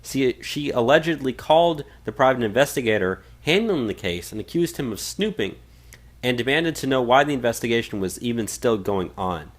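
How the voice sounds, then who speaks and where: A man's voice: medium pitch, expressive, moderate pace. Casual male talk-radio co-host. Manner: reads quotes aloud, frequent fillers and restarts. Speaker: podcast co-host.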